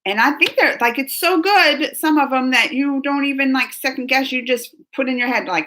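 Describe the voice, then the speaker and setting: Bright-voiced chatty woman streamer. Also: high-pitched, lively intonation, brisk. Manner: chatty, laughs often, jumps between chat comments. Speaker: reaction streamer reading chat. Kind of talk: casual chat.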